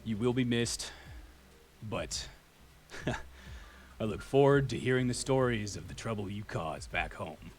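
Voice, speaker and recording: A man voicing a large, formal male red dragon in a deep voice with a Southern accent. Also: a little slow, long pauses, lightly acted. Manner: formal and courteous.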